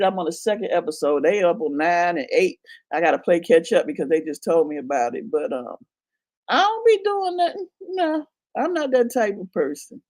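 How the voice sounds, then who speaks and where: Woman, 50s, gravelly fry, middle pitch, casual storytelling, blunt and profane. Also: darkish tone. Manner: frank, profane storytelling, laughing and acting out quotes. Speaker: channel host.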